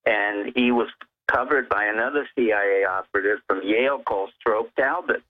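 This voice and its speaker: A man's voice: on the low side, normal speed. A man calling in as a guest, laying out his points one by one in an emphatic, lecturing way. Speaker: phone-in guest. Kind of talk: emphatic political commentary. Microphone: telephone. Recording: tinny phone line.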